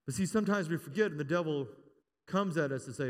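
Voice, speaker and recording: High-voiced preacher in his fifties, echoing hall. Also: fast talker. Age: 50s. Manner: lively, joking, rising to emphatic calls. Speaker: pastor. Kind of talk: sermon. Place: church. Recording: long hall reverb.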